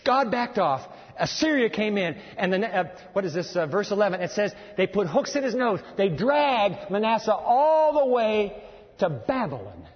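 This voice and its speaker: A male preacher delivering a dramatic sermon, swinging between booming lines and hushed ones. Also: very animated, moderate pace. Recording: lo-fi sound in a long-reverb hall.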